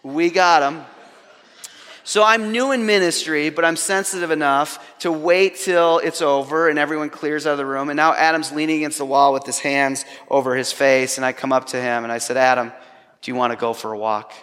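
Man, preacher, sermon storytelling, self-deprecating humor, slightly high pitch, long reverb. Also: fairly even intonation, fairly quick, few pauses, a bit bright.

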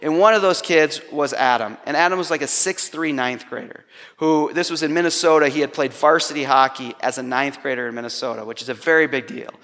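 A man's voice: medium pitch, brisk, a bit bright. A man preaching a sermon, telling a personal story with self-deprecating humor. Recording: long hall reverb.

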